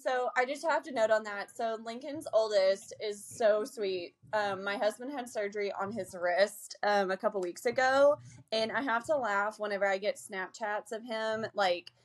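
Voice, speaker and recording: A young woman co-hosting a podcast, talking fast and energetically and laughing often. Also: mid-range voice. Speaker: podcast co-host. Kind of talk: casual chat.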